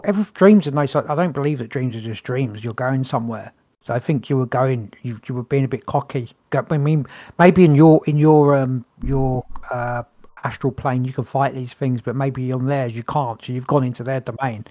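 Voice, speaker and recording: A man's voice: medium pitch, fairly even intonation, moderate pace, darkish tone, no room sound. A man co-hosting a podcast in casual chat, offering ideas in a hesitant way with fillers. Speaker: podcast co-host.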